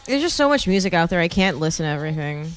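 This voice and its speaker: A woman's voice: fairly low pitch, big pitch swings, rapid-fire, faint music behind. A woman co-hosting a podcast, talking in an easygoing way with lots of filler words. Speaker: podcast co-host. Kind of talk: casual chat.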